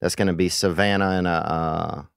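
A man co-hosting a podcast, talking in a laid-back, halting way full of fillers. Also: low-pitched, steady tone, creaky, smooth, no room sound, studio quality. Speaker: touring comedian, podcast co-host. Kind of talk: casual banter.

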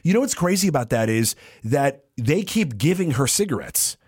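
A man's voice: medium pitch, sing-song, moderate pace, a little mellow, slightly rough, no echo, studio quality. A young man co-hosting a comedy podcast, riffing playfully in casual chat. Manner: playful, riffing, jumps into silly voices. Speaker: podcast co-host.

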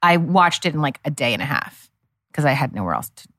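A woman's voice: sits low, very animated, a little fast, a bit bright, no echo, clean studio sound. A middle-aged woman co-hosting a podcast in casual chat, enthusiastic and chatty, talking straight to listeners. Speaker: podcast co-host.

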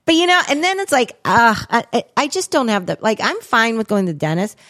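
Her voice a little high and a bit bright, with big swings in pitch and a slightly quick pace, a woman co-hosting a podcast rambles through a story. The chat is loose and foul-mouthed, thick with fillers and "like"s.

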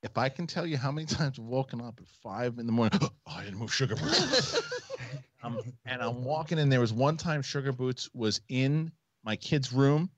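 A podcast host in his forties runs a casual comedic chat show, speaking at normal speed in a mid-range voice on a dry, dull-sounding recording. He's an animated storyteller, sharing family stories, swearing freely, and acting out quotes.

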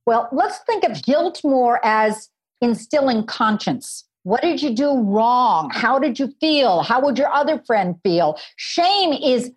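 Woman, fairly high voice, podcast guest explaining parenting with earnest, animated examples. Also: slow, slightly rough. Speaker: guest author and parenting expert. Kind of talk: podcast interview.

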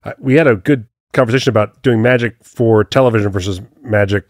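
A man co-hosting a podcast in casual chat, animated and laughing a lot. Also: lowish voice, fast talker, no room sound, clean studio sound. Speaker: podcast co-host.

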